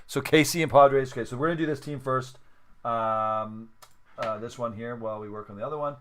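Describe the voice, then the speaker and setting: He talks fairly quickly in a mid-range, slightly bright voice while hosting a sports card break livestream. The tone is casual and chatty, punctuated by counting out loud and apologetic self-corrections.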